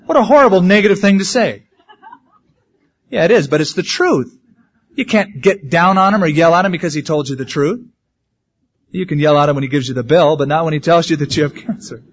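A man's voice: on the high side, a little fast. A male pastor preaching a sermon in a conversational way, with humorous asides. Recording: dull lo-fi sermon recording.

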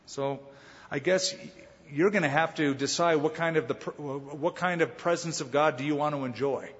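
Man, pastor, sermon, conversational, long reverb, dull recording. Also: a little high. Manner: conversational Bible teaching, dramatic pauses and voiced quotes.

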